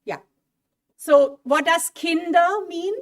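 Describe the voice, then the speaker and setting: A woman running an interactive quiz for a college audience in a hall, lively and coaxing as she asks for votes. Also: extremely high pitch, slow pace. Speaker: German language speaker at a college event. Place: auditorium mini hall. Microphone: handheld mic.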